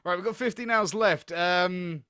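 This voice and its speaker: A man's voice: high voice, unhurried, bright, forceful tone, clear, resonant tone, no room sound, studio quality. A young man hosting a let's play, reading game text aloud and rambling with giggles as he thinks aloud. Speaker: gaming video host.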